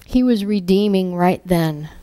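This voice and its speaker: A woman giving an emotional spoken testimony, halting and repeating her words, sometimes dropping to a hush. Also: lowish voice, slight background noise.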